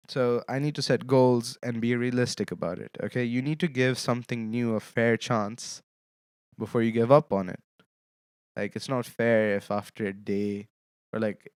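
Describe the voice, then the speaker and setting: A man's voice: on the low side, a little mellow, clear, resonant tone, dry recording, studio quality. A young man hosting his own solo podcast, talking casually with lame jokes and checking in with his listeners as he goes. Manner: casual, joking, often checks in with "okay?". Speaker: podcast host.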